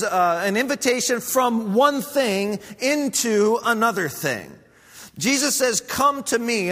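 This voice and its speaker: High-voiced pastor preaching in a hall. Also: male voice, bright, forceful tone. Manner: earnest, measured preaching with repeated phrases. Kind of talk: sermon.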